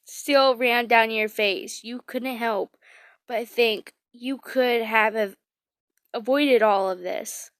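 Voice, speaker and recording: Slow, high-voiced woman reading fan fiction. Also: smooth, no echo. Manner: emotional, gushing, halting. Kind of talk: reading a story aloud and reacting.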